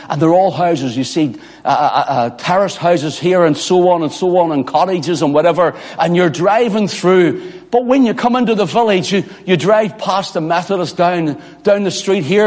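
A man preaching a sermon as pastor, dropping to near whispers and rising to ringing shouted cries. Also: on the high side. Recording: long hall reverb.

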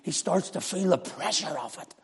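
A man preaching an impassioned sermon, swinging from loud exclamations to hushed near-whispers. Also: high voice, lively intonation, normal speed, husky. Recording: echoey hall reverb.

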